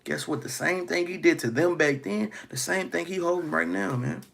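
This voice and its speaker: Gravelly, husky preaching man. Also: fairly high pitch, normal speed, fairly bright tone. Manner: preaching with frequent "man" and "guess what". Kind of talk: street-style scripture teaching.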